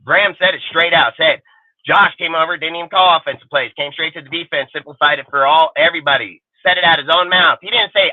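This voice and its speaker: A man's voice: high-pitched, fast, dry recording. A man ranting about football in a fired-up, profane, repetitive way, as co-host of a live sports show. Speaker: podcast co-host. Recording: dry, tinny phone-like audio.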